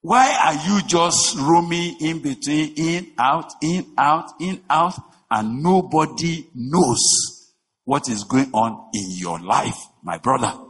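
A man preaching a sermon, emphatic, with rhetorical questions, swinging between shouting and a low voice. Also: animated, takes it slowly, slightly rough. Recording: long reverb of a large hall.

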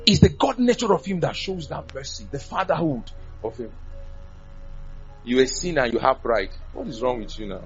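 A male preacher delivers a sermon in a fairly high voice. His pitch leaps up and down as he swings between loud bursts and soft asides. The recording is dull and lo-fi.

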